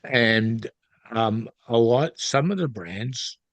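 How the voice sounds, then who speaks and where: A man's voice: mid-range voice, expressive, takes it slowly, dry recording. Host: middle-aged man, medium voice, talkative and prone to tangents. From Canada. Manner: chatty, goes off on tangents. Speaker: podcast host. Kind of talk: casual interview chat.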